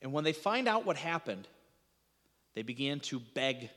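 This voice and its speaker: A man's voice: medium pitch, sing-song, normal speed, a bit bright, long reverb tail. A man preaching a sermon as pastor, conversational, restarting phrases and asking the congregation rhetorical questions.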